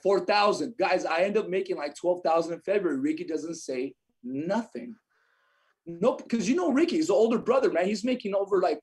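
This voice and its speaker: A young adult man telling a lively story as a podcast guest, acting out what others said. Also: fairly high pitch. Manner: animated storyteller, acts out quotes. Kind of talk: storytelling in casual chat.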